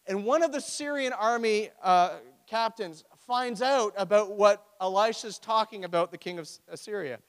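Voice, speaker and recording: A man preaching a sermon, retelling a story with animated storytelling and acted-out quotes. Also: sits high, moderate pace, hardly any pauses, smooth, long reverb tail.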